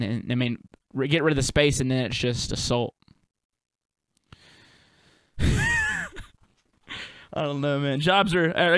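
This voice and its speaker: A man's voice: medium pitch, a bit bright, clear, resonant tone, no echo, clean studio sound. A young man hosting a solo podcast, musing in a loose, profane, laid-back way full of slang and fillers. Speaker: podcast host and touring performer. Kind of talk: rambling solo podcast monologue.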